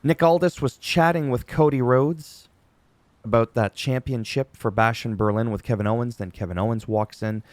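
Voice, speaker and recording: Guy casually recapping wrestling, chatty and animated, voice in the middle range, dry close sound. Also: mid-range voice, moderate pace, dry recording.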